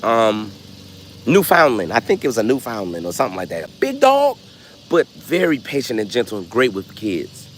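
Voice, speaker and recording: A man vlogging, telling stories in a loose, animated way and acting out voices. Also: lowish voice, normal speed, a little hiss or hum. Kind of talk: casual storytelling.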